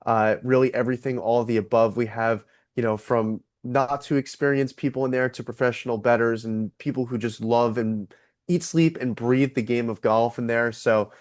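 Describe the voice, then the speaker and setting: A man co-hosting a golf betting podcast, talking casually and relaxed with fillers. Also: mid-range voice, normal speed, no room sound, studio quality. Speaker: podcast co-host.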